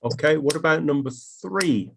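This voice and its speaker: A man teaching an online English class, talking in a relaxed, chatty way with many ums and restarts. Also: a little high, moderate pace, gravelly, slight background noise.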